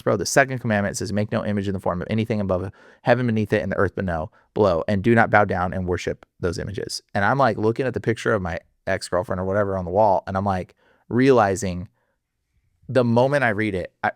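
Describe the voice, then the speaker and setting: Excitable man telling a story, dry sound. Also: no room sound. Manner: excitable, laughs often, slangy with many fillers; voice jumps high when excited. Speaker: podcast guest. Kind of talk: casual personal storytelling.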